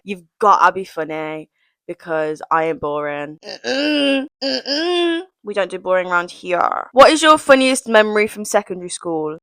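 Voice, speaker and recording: A young woman talks casually to her vlog audience. Her pitch swoops up and down a lot, and she is self-deprecating and giggly. The sound is dry and close, with no room echo. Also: a bit bright. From England, West Midlands. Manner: chatty and self-deprecating, with giggles and dips into whispers. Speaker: vlogger. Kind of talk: casual get-to-know-me vlog.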